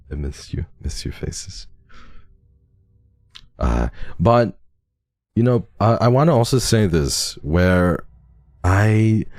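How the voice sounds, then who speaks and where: A man streaming, chatting casually and reading donations with a halting, stammering, heartfelt manner. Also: rumbling low, vocal fry, a little mellow, slightly rough.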